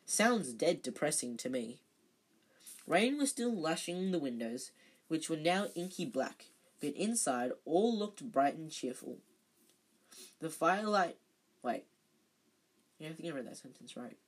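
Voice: medium pitch, sing-song, a little slow, pauses often. An amateur reader casually reading a novel aloud, stumbling and correcting themself now and then. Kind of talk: casual read-aloud narration with slips and self-corrections.

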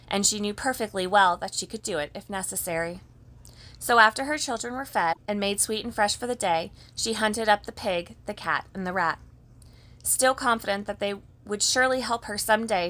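A woman reading a children's story aloud in an even, gentle storybook manner. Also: medium pitch.

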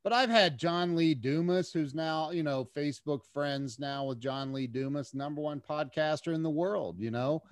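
A man guest on a podcast, telling a story in an animated way with many restarts and repeated words. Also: a little high, moderate pace, hardly any pauses, smooth, no echo, studio quality. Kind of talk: casual storytelling interview.

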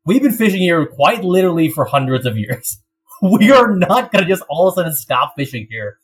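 Guy doing outraged fishermen, protesting hard, fairly high voice. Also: big pitch swings, brisk, slight background noise. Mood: indignant. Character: indignant French fishermen refusing to stop.

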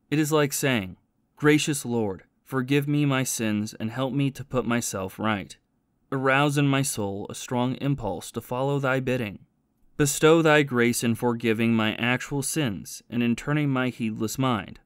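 A man reading the part of a learned male scholar in an audiobook, earnest and measured as he teaches about prayer. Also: medium pitch, no room sound, clean studio sound, close to an everyday voice. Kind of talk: audiobook reading of a spiritual classic.

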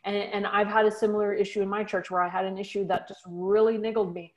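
Female co-host, mid pitch, warm-hearted and earnest, conversational faith chat. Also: level tone, quick pace, rough recording. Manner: earnest, encouraging, builds points steadily. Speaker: podcast co-host.

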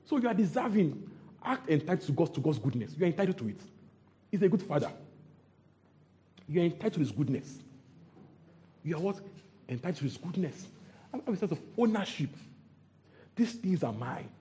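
A man preaches with a lively, swooping delivery that rises and falls. His voice is somewhat high for a man yet mellow and warm in tone. He repeats phrases and keeps asking the congregation questions. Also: brisk, long pauses, slight background noise. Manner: animated, repeats himself, quizzes the congregation. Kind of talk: sermon.

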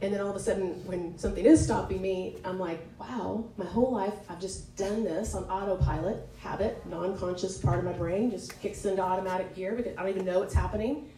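A woman with a warm, mellow voice leads an informal devotional talk, speaking frankly and conversationally and often correcting herself mid-sentence. She is recorded from across an echoey church room. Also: medium pitch, a little fast, slight background noise. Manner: conversational and candid, with many fillers and self-corrections. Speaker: women's Bible study leader. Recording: echoey room, picked up from a distance.

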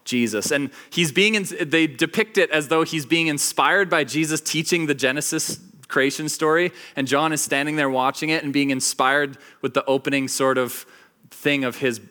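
A man's voice: fairly high pitch, normal speed. A man giving a casual sermon to a small group, telling a story with lots of fillers and acting out the quotes. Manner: animated storytelling, acts out quotes, many fillers. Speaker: pastor.

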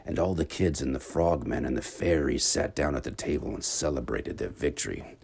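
A man narrating a children's bedtime adventure story in an expressive, dramatic read-aloud manner. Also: very deep voice, moderate pace, vocal fry, slightly rough.

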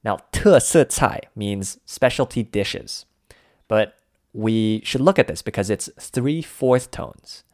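A man co-hosting a language lesson, calmly walking through Mandarin phrases for ordering food. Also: on the low side, no echo, studio quality. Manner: unhurried, walks through each dish step by step. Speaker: language podcast co-host.

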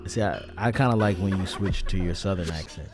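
Man, co-host, low pitch, halting, casual, faint music underneath. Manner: relaxed, teasing, halting restarts. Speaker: podcast co-host. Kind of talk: casual chat.

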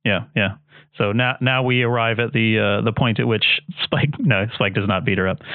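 A man's voice: lowish voice, moderate pace, dry recording. A man co-hosting a podcast, recapping a story in casual chat with lots of fillers and restarts. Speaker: podcast co-host recapping an episode. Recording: dry, tinny phone-like sound.

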